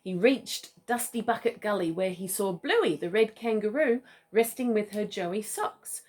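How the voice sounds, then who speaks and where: A woman's voice: mid-range voice, animated, a little slow. Lady reading a kids' picture book, chatty little asides, chuckles a lot. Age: older. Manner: gentle asides, chuckling often. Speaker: storybook reader.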